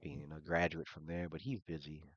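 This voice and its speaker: A man running a tabletop game, narrating the scene in a relaxed way with many fillers. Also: a bass voice, brisk, no room sound, muffled recording. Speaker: game master.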